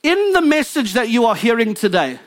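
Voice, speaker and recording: A man preaching a sermon from the pulpit as pastor, fervent and emphatic, building intensity then dropping low. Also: wildly swooping pitch, moderate pace.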